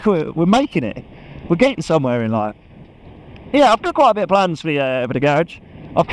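A man chatting excitedly to a helmet camera while riding a motorbike, laughing often. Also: a little high, slight background noise, poor audio. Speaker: motorcycle vlogger. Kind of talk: casual chat while riding. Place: on a motorbike on open country roads. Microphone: helmet-mounted action camera.

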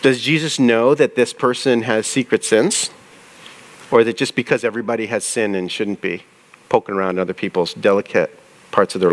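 A man who pastors a church, preaching a conversational sermon, often asking his listeners questions and reading scripture aloud slowly. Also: on the low side.

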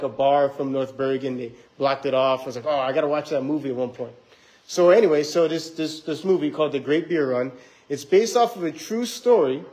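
Casual young man preaching, higher voice. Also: a little mellow, rough recording. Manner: rambling, conversational, acts out quoted voices. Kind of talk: casual sermon with scripture reading. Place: church.

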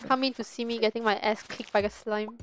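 A woman's voice: a little high, fairly even intonation, fairly quick, a bit bright, slight background noise. A young woman streaming a farming game with a friend, chatting casually and giggling a lot, dropping in Chinese words now and then. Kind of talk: casual gaming chat.

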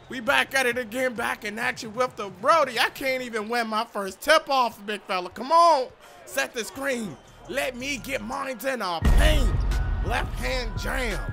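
A young man giving hyped gameplay commentary as a gaming YouTuber, loud and full of trash talk. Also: very high-pitched, vocal fry. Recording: game music behind.

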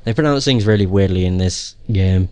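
A man's voice: deep voice, moderate pace, warm tone, clear, resonant tone, dry recording. Joking, profane young man gaming. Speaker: gameplay commentator. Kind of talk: casual gameplay commentary.

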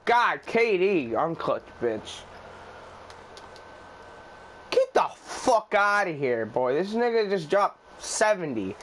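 A young man commentating his own basketball video game play, swearing a lot, shouting when shots go in and muttering low between them. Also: very animated, measured pace, few pauses, slight background noise. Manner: loud, profane, hyped shouting at plays, then low muttering. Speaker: gaming YouTuber. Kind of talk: excited gameplay commentary.

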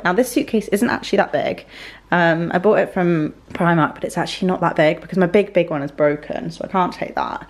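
With a lowish, creaky voice, a young woman records a casual vlog at home, speaking straight to camera in a chatty, meandering way peppered with "like."

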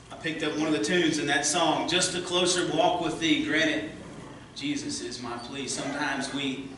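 A man preaching a sermon as pastor, earnest, rising as he reads scripture and hushed in prayer, recorded in a church sanctuary. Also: medium pitch, recorded from a distance, a little hiss or hum. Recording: echoey church from afar.

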